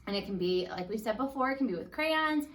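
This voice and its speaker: Patient first grade teacher, woman, slow clear phonics, slightly distant mic. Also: fairly high pitch, lively intonation. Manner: upbeat, patient, sounds words out slowly. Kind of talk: phonics lesson for young children.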